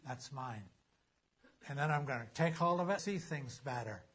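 Husky-voiced man preaching a sermon. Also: mid-range voice, animated, fairly bright tone. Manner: emphatic preaching, slows down to read scripture aloud. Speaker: pastor.

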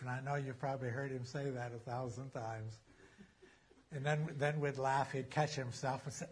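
A man preaching a sermon as a pastor, emphatic, slowing down to read scripture aloud. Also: mid-range voice, fairly even intonation, slightly rough.

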